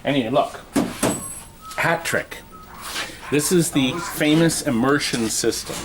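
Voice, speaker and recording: A man with a medium-pitched voice speaks a little slowly on a low-quality recording. He co-hosts a casual on-camera show-and-tell about restoring arcade games, set in an amusement game shop or warehouse, where he chats enthusiastically, reads aloud, and cracks jokes.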